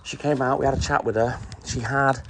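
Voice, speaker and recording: A man's voice: mid-range voice, fairly even intonation, fairly quick, background noise. A middle-aged man on his milk round, chatting casually with live-stream viewers and greeting them by name. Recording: music playing loudly behind.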